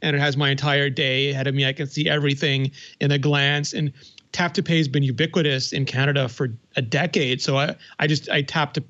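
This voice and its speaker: A man's voice: medium pitch, little pitch movement, brisk, fairly bright tone, muffled recording. A man on a podcast panel in casual tech chat, talking fluently and with enthusiasm.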